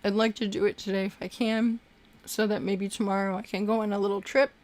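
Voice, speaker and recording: A woman's voice: medium pitch, flat delivery, a little fast, darkish tone. A young woman hosting a casual livestream, chatting and effusively thanking viewers for their super chats.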